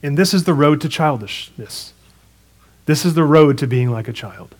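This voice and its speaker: A man preaching a sermon, retelling a parable in a conversational, animated way with casual asides. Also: on the high side, normal speed. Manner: storytelling, animated retelling with acted quotes.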